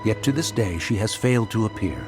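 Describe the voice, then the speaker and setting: A man's voice: lowish voice, lively intonation, fairly quick, natural voice. A man voicing an aloof ancient spirit beast. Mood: solemn. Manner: archaic formal speech, refers to self as one. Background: music.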